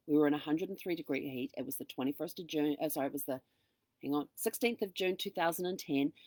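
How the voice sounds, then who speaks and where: Middle-aged female host, low voice, dry close sound, animated storyteller who acts out dialogue. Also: no room sound. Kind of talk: casual storytelling monologue.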